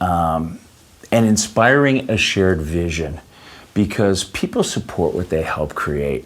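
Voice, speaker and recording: A man with a very low voice answers an interviewer at length. He speaks haltingly, full of fillers and restarts, and often drifts into personal anecdotes. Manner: anecdotal storyteller. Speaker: interview guest.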